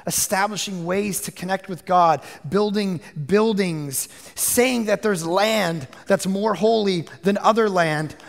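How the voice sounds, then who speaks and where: High-voiced animated man preaching, gravelly edge. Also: in a large hall. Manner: animated preaching, swings from hushed to shouting. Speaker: pastor. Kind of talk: sermon.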